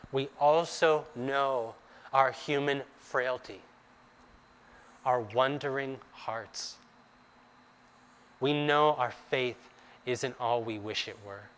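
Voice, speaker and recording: A man's voice: medium pitch, a bit bright. A man preaching a sermon, acting out the scripture's dialogue with rising intensity and sometimes dropping to a near whisper.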